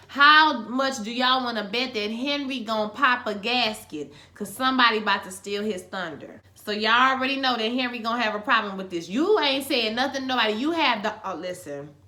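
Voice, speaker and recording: A woman giving a casual, animated recap of a TV episode, sassy and talking straight to her viewers. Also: a little high, a little fast. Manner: animated, sassy, addresses viewers as "y'all" and "child". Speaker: TV recap vlogger.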